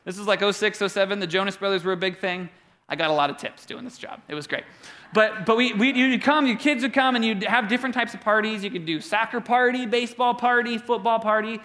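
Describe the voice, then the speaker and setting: A man in his thirties delivering a sermon, telling stories with humor and lively delivery. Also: high voice, fast. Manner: animated storytelling with humor. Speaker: preacher.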